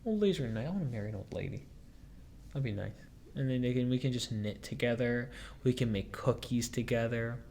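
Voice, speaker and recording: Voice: mid-range voice, brisk, darkish tone. A young hardware store worker telling a casual vlog story in a rambling, digressive way, full of "like".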